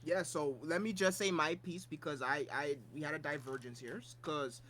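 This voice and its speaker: A podcast co-host telling a convention story in casual chat, animated and profane, jumping between loud bursts and low mutters. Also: moderate pace, a little hiss or hum.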